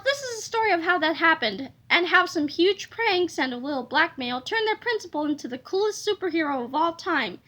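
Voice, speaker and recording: A woman reading a children's storybook aloud in a lively, playful way, adding sound effects. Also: high-pitched. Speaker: reader of a children's book.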